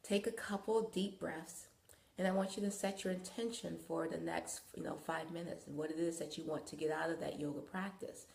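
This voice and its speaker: Woman yoga guide, gravelly voice, lowish pitch, loose rambling instruction. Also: a little fast, hardly any pauses. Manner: calm, coaching guidance. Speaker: wellness host and yoga guide. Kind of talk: live-streamed wellness talk and guided yoga. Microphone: phone. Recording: echoey room.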